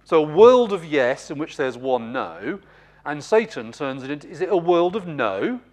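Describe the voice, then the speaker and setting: A man teaching a seminar on scripture with a lively, animated voice that swings up and down as he makes his points. He explains with emphasis and often turns to address his listeners directly. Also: a little high, normal speed. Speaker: seminar speaker.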